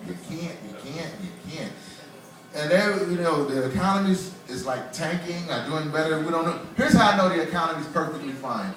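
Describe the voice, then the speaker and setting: A man's voice: fairly high pitch, brisk, fairly bright tone, a little hiss or hum. A man in his forties doing a loose, conversational stand-up comedy set in a small bar, laughing at his own jokes. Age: 40s. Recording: roomy bar, voice from far off.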